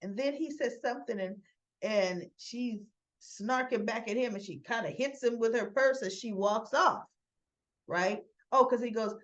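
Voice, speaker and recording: A woman's voice: a little high, unhurried, fairly bright tone. A woman hosting a casual recap show, chatting and retelling scenes with quoted lines and frequent restarts. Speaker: soap opera recap host.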